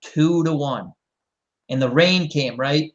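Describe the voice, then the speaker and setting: Middle-aged male host, casual chat, rambling storyteller, slightly higher voice. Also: slow pace, lo-fi sound. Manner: rambling, animated storyteller acting out quotes. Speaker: show host.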